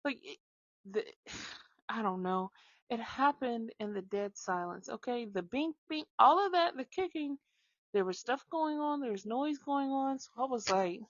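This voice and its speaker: A woman telling a casual story about her kids, animated, dropping into hushed whispers now and then. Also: fairly high pitch, a little slow, dry recording. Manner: animated, drops to hushed whispers when acting out shushing. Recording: slightly dull lo-fi sound.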